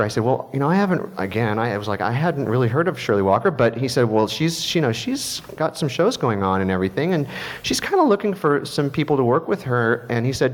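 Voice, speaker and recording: A man's voice: medium pitch, big pitch swings, a little fast, big-room sound. A middle-aged male composer telling a story at a panel talk, acting out the voices he quotes.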